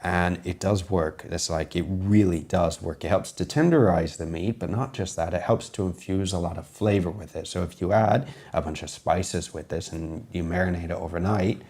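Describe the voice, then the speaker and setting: A man's voice: sits low, steady tone, normal speed, few pauses, darkish tone. A man, a chef, casually commenting on a cooking video and explaining tips to viewers, his voice a little strained from being sick. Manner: explanatory, talks to viewers as "guys". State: voice strained from recent illness.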